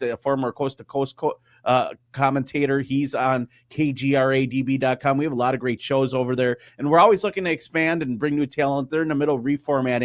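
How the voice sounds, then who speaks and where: A man's voice: mid-range voice, dry recording. Guy rambling thru a story on a call w headphones, bone dry sound. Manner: rambling anecdotes with acted quotes. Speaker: guest, radio news host. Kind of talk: casual chat. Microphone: wearing headphones on a call.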